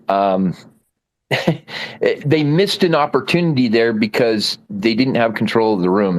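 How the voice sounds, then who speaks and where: A man's voice: lowish voice, low-quality recording. Rambling man telling a story. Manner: rambling, self-deprecating, laughing. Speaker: guest speaker. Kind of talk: casual chat.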